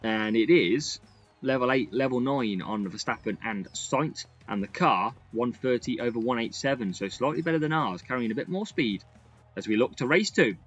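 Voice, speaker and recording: A man giving lively, excitable commentary over a racing game he is playing. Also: mid-range voice, moderate pace, highs cut off, soft background music. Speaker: gaming YouTuber. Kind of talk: gameplay commentary.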